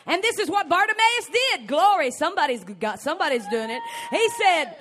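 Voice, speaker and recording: High bright-voiced woman preaching. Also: big pitch swings, a little fast, few pauses. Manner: emphatic, building to shouts. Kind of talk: sermon.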